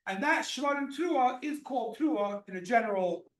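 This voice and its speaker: A man with a very high voice teaches a religious law class. He explains each point patiently, repeats himself and restarts his sentences. He sounds distant from the mic, in a room full of echo. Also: animated, moderate pace, slight background noise. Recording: echoey room, mic far off.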